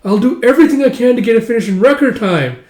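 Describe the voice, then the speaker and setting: A man voicing a flustered young woman embroiderer who rambles quickly, in a roomy-sounding recording. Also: extremely high pitch, animated, a little mellow, pitched above the performer's own voice. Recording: roomy echo.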